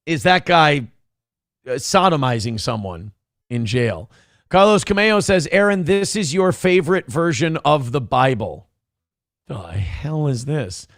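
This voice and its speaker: A man's voice: on the high side, animated, a little slow, a bit bright, no echo, studio quality. A man hosting a morning livestream show in casual, profane, jokey chat, reading out viewer comments.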